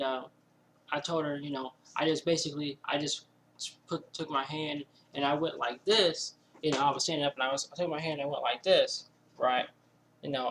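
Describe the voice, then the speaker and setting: A man telling a personal story casually indoors at home, rambling and animated, with lots of fillers and quoted asides. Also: on the high side, a little hiss or hum, low-quality recording.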